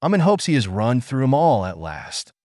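A man's voice: medium pitch, big pitch swings, normal speed, a little mellow, no room sound, studio quality, close to an everyday voice. A man reading aloud, voicing an irritable, scheming male lawyer who complains in exasperation. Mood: exasperated.

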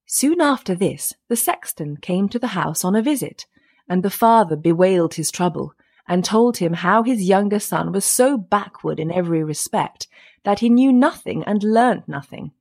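A woman narrating an old fairy tale in a measured storytelling manner. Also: mid-range voice, lively intonation, gravelly, darkish tone.

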